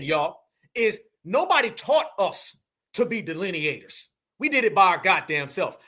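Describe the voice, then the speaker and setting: A man's voice: high voice, sharp tone. A man from the United States with an African American English accent, hosting reaction commentary in a blunt, preachy way and calling his viewers family. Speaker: commentary channel host.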